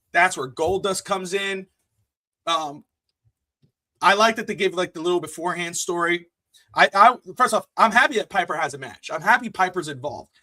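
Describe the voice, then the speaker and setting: Excitable high-voiced podcast host. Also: male voice, no echo. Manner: excitable, animated, with playful bursts. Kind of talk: casual wrestling podcast chat.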